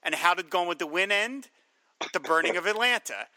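A bright, ringing male voice, a little higher than most, talking over a film in relaxed podcast chat. He gets animated and jumps into shouted impressions of lines from the movie. The sound is dry and close. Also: a little fast, no echo. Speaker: podcast co-host.

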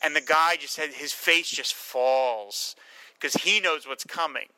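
Man, fairly high voice, very bright and forceful, animated film chat. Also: measured pace, smooth, no room sound, low-quality recording. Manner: animated, acts out scenes in quoted voices. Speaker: film discussion co-host. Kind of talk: casual film discussion.

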